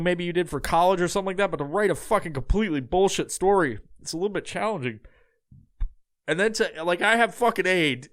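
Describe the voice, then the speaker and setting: A man's voice: sits high, a bit bright, dry recording, clean studio sound. A man hosting his own podcast alone, talking in a loose, rambling way with lots of swearing. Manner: rambling and profane, with many fillers. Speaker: podcast host. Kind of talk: casual solo podcast monologue.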